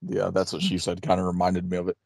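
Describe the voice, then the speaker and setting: A man with a low, gravelly voice, recorded close and dry. He co-hosts a podcast in loose chat and rambles through stories with crude jokes. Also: monotone, fast, darkish tone, no room sound. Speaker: podcast co-host.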